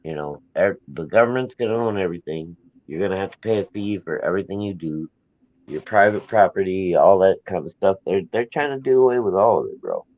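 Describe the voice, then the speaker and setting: A man's voice: sits low, lively intonation, a little fast. A man co-hosting a casual chat show, laughing often, swearing and calling people bro. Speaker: podcast co-host. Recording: dull lo-fi mic.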